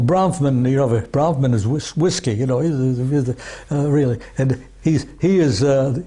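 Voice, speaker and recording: A man's voice: medium pitch, dark tone, slightly rough. A man being interviewed as an archivist, talking in a rambling, casual way, full of restarts and asides like "you see" and "you know.".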